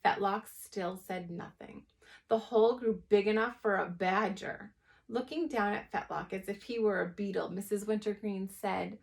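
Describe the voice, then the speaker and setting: A woman teacher reading a chapter book aloud to young children, expressive and adding plain asides. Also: medium pitch, moderate pace, vocal fry.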